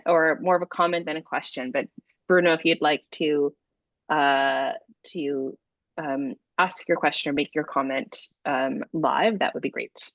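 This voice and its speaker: A middle-aged woman moderates an online panel over a video call, her voice sitting a little low. She talks haltingly, stopping and restarting often. The sound is dull and dry, like lo-fi call audio. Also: fairly bright tone, dry recording. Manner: hesitant, many restarts and fillers. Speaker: webinar moderator.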